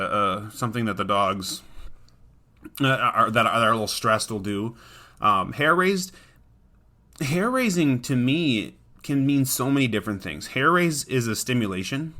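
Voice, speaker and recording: A man's voice: medium pitch, animated, normal speed, pushed and bright. A man hosting a podcast about dog training, talking in an earnest, conversational way and often restarting his sentences. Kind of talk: casual podcast monologue.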